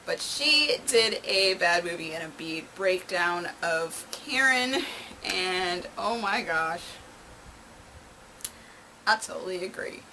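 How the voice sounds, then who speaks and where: A woman's voice: fairly low pitch, lively intonation, slow pace, background noise. A woman hosting her own movie review channel, chatty and openly sarcastic. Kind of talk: casual video review.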